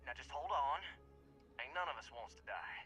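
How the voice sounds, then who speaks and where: A man's voice: medium pitch, animated, moderate pace, sharp tone, faint music behind. A male actor voicing a cornered outlaw in a video game, folksy and resigned. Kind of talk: game voice acting.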